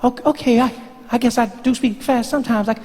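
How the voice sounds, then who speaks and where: A man voicing an excitable young man who talks in a rushed, breathless way and keeps saying "man.". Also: very high-pitched, long reverb tail, pitched above the performer's own voice. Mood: flustered. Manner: rushed, repeats "man" constantly. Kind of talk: stand-up character voice.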